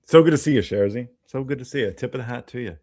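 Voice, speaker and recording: A man on a casual livestream, gently encouraging and coaching viewers as he talks. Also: mid-range voice, fast talker. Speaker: stream guest.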